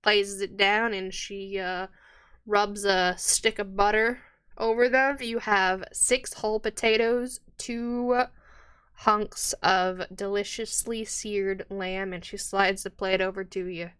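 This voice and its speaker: A woman game master describes the scene in loose, chatty narration. Her voice is bright and crisp. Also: medium pitch, fairly even intonation, slow.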